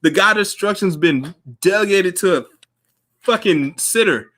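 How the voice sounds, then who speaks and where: A man's voice: high-pitched, measured pace, a bit bright. A man hosting a podcast in casual chat, loose and profane, laughing often. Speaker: podcast host.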